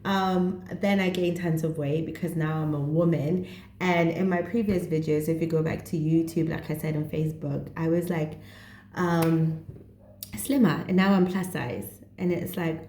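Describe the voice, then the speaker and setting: A woman's voice: sits low, fairly even intonation, normal speed, warm tone, echoey room, slight background noise. A woman in her thirties with a Setswana accent, talking to camera in an earnest, chatty way as a mental health vlogger. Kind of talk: casual direct-to-camera talk.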